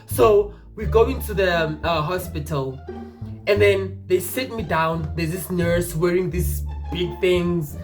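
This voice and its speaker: A young man from Mpumalanga telling a personal story in a rambling, animated, casual way, with swearing and restarts. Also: high voice, a little slow, over music. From Mpumalanga, South Africa.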